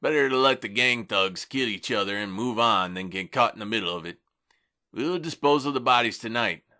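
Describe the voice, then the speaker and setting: Narrator doing a blunt, unflappable fixer. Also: male voice, mid-range voice, brisk, bright, forceful tone, close to an everyday voice. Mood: matter-of-fact. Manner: blunt, matter-of-fact. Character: practical, unflappable male gang fixer. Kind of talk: audiobook reading.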